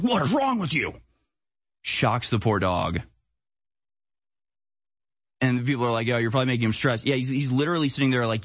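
A man's voice: on the low side, no room sound. A man hosting a live-stream political commentary show, talking bluntly and heatedly in a casual way.

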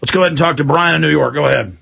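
A man's voice: on the high side, racing, creaky, bright, forceful tone, slightly rough. A middle-aged man hosting a talk radio show, rambling and emphatic, repeating himself and mimicking other voices. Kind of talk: heated talk radio commentary.

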